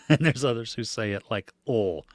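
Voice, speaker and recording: A man's voice: medium pitch, moderate pace, dry recording, studio quality. An American man hosting a casual podcast, chatting loosely about movies and reading out viewer comments, with lots of fillers and small laughs. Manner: relaxed, rambling, with many fillers and small laughs. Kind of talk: casual chat.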